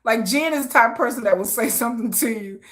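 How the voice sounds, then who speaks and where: Her voice sits a little high and she talks fast as she hosts a laid-back livestream. She's chatty and slangy, breaking into laughter often and adding animated asides.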